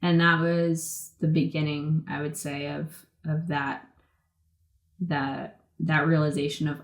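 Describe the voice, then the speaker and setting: A woman in her twenties from the Boston area, telling stories in a casual interview, talking fast and loose with lots of "like" and acted-out quotes. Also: deep voice, little pitch movement, reverberant. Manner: chatty, many "like" fillers, acts out quotes. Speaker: guest, pro skateboarder.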